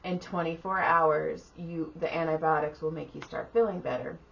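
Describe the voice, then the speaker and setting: A woman's voice: deep voice, normal speed, creaky. A middle-aged woman co-hosting a podcast, telling a tired, profane story in casual chat and acting out the people in it. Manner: profane, animated retelling with quoted voices. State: exhausted. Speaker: podcast co-host. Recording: slightly dull audio with faint room noise.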